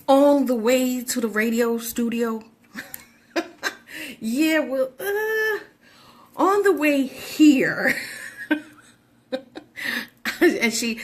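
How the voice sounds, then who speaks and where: Bubbly, giggly woman host. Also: a little high. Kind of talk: casual chat.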